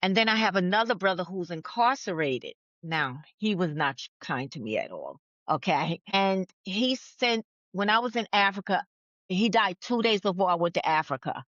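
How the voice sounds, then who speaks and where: A woman's voice: fairly low pitch, expressive, normal speed, a bit bright, dry recording. Earnest woman, dull lo-fi sound. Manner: earnest and affirming when reading, chatty and candid when talking. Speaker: podcast guest, speaker and author. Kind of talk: reading a letter to her younger self, then casual conversation. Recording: dull lo-fi audio.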